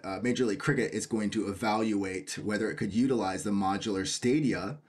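An American man chatting casually about cricket news, reading bits aloud and adding jokey asides and questions. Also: lowish voice. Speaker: cricket video host.

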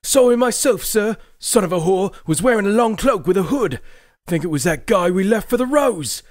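A man voicing a nervous, rough-spoken northern soldier in an audiobook, jittery and unpolished in his speech. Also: high-pitched, expressive, moderate pace, dry recording, clean studio sound, voice pushed up.

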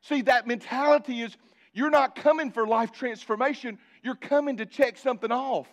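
A male pastor preaching a sermon, building repeated phrases and dropping into quiet asides. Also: moderate pace. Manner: preaching with sudden drops to a low conversational aside.

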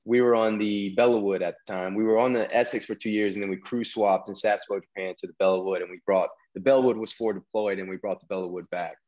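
A man's voice: on the low side, fairly even intonation, fast talker, few pauses, darkish tone, muffled recording. A man, telling a long story as a podcast guest, full of restarts and fillers. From American South. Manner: rambling, many restarts and fillers. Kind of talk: casual storytelling interview.

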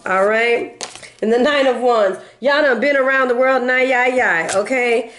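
A middle-aged woman reads tarot in a loose, playful way and chats easily with her viewers. She slips into little sung lines and acts out other people's words with an animated delivery. Her voice sits fairly high for a woman. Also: a little slow, a little hiss or hum. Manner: playful and chatty, breaks into song snippets. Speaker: tarot reader and life coach. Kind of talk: casual tarot reading.

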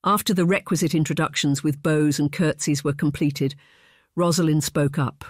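An audiobook narrator reading a romance novel in a measured, even storytelling manner. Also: mid-range voice, no echo, studio quality.

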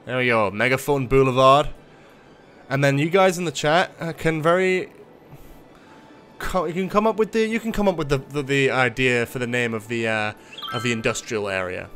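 A man chats through his own city-building stream at an ordinary mid pitch, cursing freely and poking fun at himself as he talks to his viewers. A little game music hums faintly behind him. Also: moderate pace, fairly bright tone. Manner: sweary, self-mocking, talks to chat. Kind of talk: casual gaming livestream commentary.

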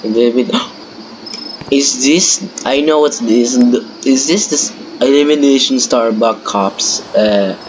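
A young man with a Filipino accent gives rambling, self-mocking, excitable commentary while playing a game. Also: mid-range voice, takes it slowly. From Philippines. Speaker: gameplay streamer. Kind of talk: casual gameplay commentary. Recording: noisy home recording with crickets and traffic.

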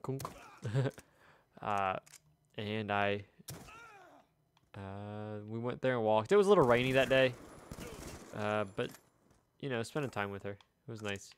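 A young man with a fairly low voice rambles through a casual story, chuckling now and then between thoughts. Faint video game gunfire pops in the background. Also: unhurried, long pauses, a little hiss or hum. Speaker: streamer. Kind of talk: casual chat while gaming.

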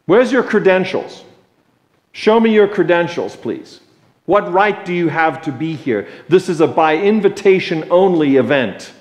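A man's voice: high-pitched, expressive, a little slow. A man voicing God as a commanding ruler with dry, sarcastic challenges. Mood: challenging. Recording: echoey church sanctuary.

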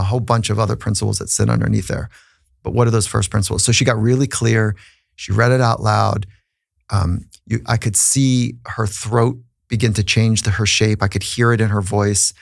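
A man's voice: fairly low pitch, vocal fry, no echo, clean studio sound. A man who is a psychologist, telling a personal story in an earnest, reflective way on a podcast, with frequent restarts.

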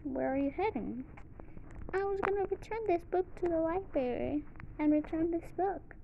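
High-voiced woman voicing a homemade drama. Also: lively intonation, moderate pace, vocal fry, muffled recording, slight background noise.

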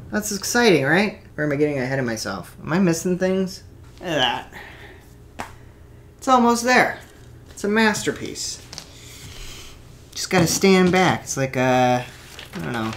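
A man's voice: on the high side, a bit bright, slight background noise. Rambling, swearing young man talking to himself. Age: 20s. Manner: mutters and swears to himself, jokey asides. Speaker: vlogger building a toy kit. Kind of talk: rambling casual monologue. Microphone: desk microphone.

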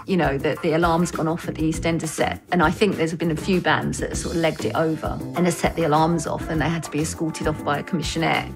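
A woman from the production side recalling studio days in a chatty, matter-of-fact way. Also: low voice. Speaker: former production staff. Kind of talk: reminiscing interview. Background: music bed.

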